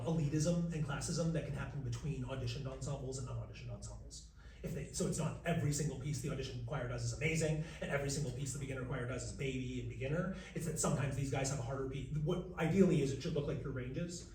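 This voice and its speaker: A man leading a live masterclass for vocal coaches, lively and jokey, breaking into sung examples. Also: mid-range voice, quick pace, distant mic, a little hiss or hum. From United States. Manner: lively, jokey, demonstrates by singing. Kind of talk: live workshop talk. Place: large room with an audience. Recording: roomy, from across the room.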